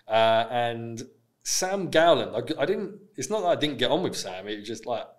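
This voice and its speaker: A man's voice: mid-range voice, very animated, normal speed. A man in his thirties from England with an Essex accent, a podcast guest talking frankly and casually, swearing freely and often restarting his sentences. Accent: Essex English. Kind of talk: casual interview chat.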